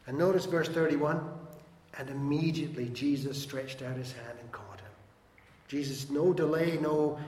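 Animated preaching man in an echoey hall. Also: a little high, normal speed. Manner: animated, acts out quoted voices, swings loud and soft. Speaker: pastor. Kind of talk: sermon.

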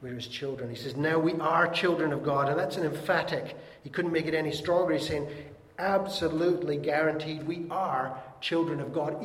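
Earnest man preaching in an echoey hall. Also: fairly high pitch. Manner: earnest preaching, dropping soft on key words, jokey asides. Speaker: pastor. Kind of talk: sermon. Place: church hall.

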